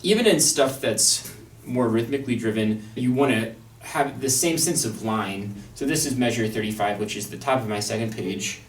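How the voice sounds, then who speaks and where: Young male violinist-teacher, wry and thoughtful, mid-pitch, heard at a distance in a roomy practice space with a violin nearby. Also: normal speed, a little hiss or hum. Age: young adult. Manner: thoughtful, wry, with fillers and restarts. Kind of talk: instructional talk on an orchestral excerpt. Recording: echoey room, mic at a distance.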